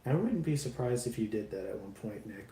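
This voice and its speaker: A man with a lowish, dark, expressive voice talks briskly while live streaming himself building a model kit. He chats casually with viewers, rambling, self-deprecating and swearing freely. The room echoes noticeably, with faint noise in the background.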